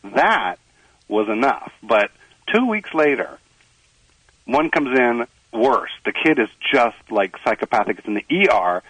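A male surgeon calling in to a radio show, telling animated, self-deprecating stories with laughs. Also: mid-range voice, unhurried, breathy edge, no echo, poor audio. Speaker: surgeon, phone-in guest. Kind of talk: casual storytelling on a radio show. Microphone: phone line.

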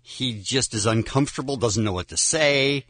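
A man's voice: mid-range voice, normal speed, fairly bright tone, no echo. A man hosting a talk show, telling a story about himself in a self-deprecating way. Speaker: radio show host. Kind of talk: casual chat.

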